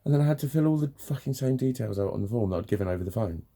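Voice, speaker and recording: A man's voice: on the low side, expressive, very fast, dark tone. A man venting in a ranting personal vlog, swearing often and sounding exasperated. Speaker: vlogger.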